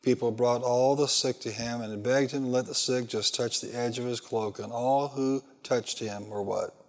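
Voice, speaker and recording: A man's voice: medium pitch, fairly even intonation, normal speed. A male pastor preaching a sermon, reading scripture and pressing the congregation with fill-in questions. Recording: long hall reverb.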